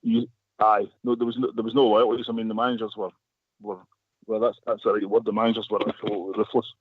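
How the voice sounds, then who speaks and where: A man's voice: fairly low pitch, level tone, fast talker, breathy edge, no room sound. A man telling a long story as a radio guest, rambling with many restarts. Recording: phone line.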